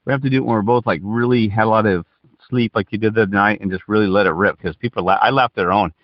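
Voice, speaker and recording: A man co-hosting a podcast, telling a story in a rambling, excitable way, cussing and talking over his partner. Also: on the low side, racing, no room sound. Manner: rambling, excitable, cusses, keeps interrupting. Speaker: podcast co-host. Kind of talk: casual storytelling chat. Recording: dull lo-fi dry recording.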